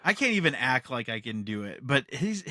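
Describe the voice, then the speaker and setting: Podcast co-host, male, middle-pitched, rambling and excitable, tight dry recording. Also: brisk, dry recording. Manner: rambling and enthusiastic, often laughing. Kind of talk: casual podcast chat.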